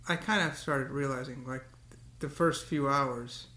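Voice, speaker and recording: A man's voice: medium pitch, measured pace, bright, forceful tone, reverberant. A man talking to the camera in a casual, rambling monologue, often repeating words and breaking into cursing rants. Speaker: vlogger.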